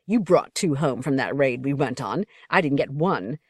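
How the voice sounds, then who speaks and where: Smirking boastful young lord, a woman reading, low-pitched, close and dry. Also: animated, moderate pace, husky, no echo, heavily acted. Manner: bland, vicious, cajoling.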